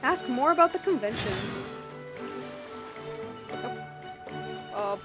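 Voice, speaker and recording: A young woman streaming a video game, chatting casually, excitable and giggly, with lots of restarts and "like"s. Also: sits high, takes it slowly, music in the background. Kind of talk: casual game livestream commentary.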